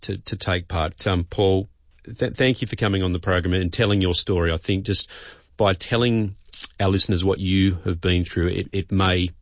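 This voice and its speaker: Heartfelt radio host. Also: male voice, deep voice, fairly even intonation, normal speed, dry recording, highs cut off. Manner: heartfelt, stumbling, repeating words. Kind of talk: radio interview.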